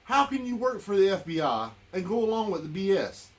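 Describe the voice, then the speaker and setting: A man with a drawl rants to his listeners, heated and circling back on his own words. His voice sits a touch higher than most men's. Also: very animated, a little fast. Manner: heated, repetitive, addresses listeners as y'all. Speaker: political commentator. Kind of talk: angry political rant.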